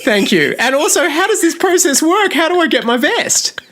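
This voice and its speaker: A man's voice: very high-pitched, sing-song, normal speed, noisy background. A man co-hosting a podcast, chatting casually and often laughing at himself. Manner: laughing, self-mocking. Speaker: podcast co-host. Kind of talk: casual chat.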